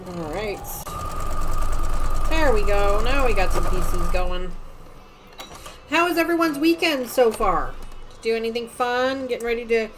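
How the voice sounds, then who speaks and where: A middle-aged woman hosting a home quilting livestream, chatting casually and rambling, often trailing off into quiet muttering as she works. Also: on the high side, animated, a little slow, long pauses, noisy background. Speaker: sewing livestream host. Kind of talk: casual chat while quilting.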